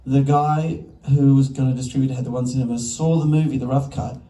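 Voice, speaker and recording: An Australian film director with a medium-pitched, fairly quick voice tells animated anecdotes, constantly interrupting himself, in an onstage festival conversation before an audience. The hall is echoey and the mic sits at a distance.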